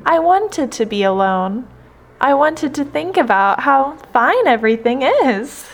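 A gentle, contented male frog from a storybook, as a woman reading aloud puts him on. He speaks high and slowly, calm and pleased with his day. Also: heavily acted.

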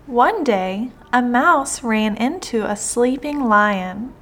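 A woman reading a children's fable aloud, slowly and carefully. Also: a little high, animated, fairly bright tone. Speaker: storyteller. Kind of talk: slow read-aloud children's story.

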